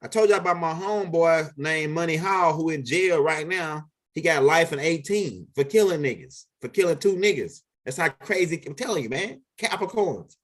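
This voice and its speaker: A man's voice: on the high side, expressive, moderate pace, few pauses, a bit bright. A man telling a story in a casual monologue, rambling, profane and full of repeats and restarts. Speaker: vlog host telling stories.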